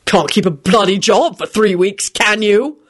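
A woman's voice: mid-range voice, a little slow, lightly acted. Woman doing a bitter, snappy young man. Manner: scowling, snapping.

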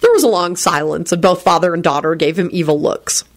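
A woman's voice: fairly low pitch, brisk. A woman narrating a story aloud and voicing all the characters herself. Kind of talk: fan fiction reading.

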